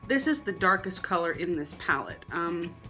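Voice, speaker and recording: A woman's voice: very animated, moderate pace, bright, forceful tone, soft background music. A young woman from South Carolina with a Southern accent, rambling chattily through a wig and makeup tutorial at home. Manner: chatty, rambling, self-deprecating, drops into a low murmur at times. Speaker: wig and beauty vlogger. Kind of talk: casual tutorial chat.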